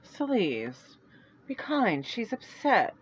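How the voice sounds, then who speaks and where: A woman voicing a calm young man who soothes and scolds kindly, in a storybook reading. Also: medium pitch, slow pace, a little hiss or hum, pitched above the performer's own voice, low-quality recording. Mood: gentle. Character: young man, gentle and honorable.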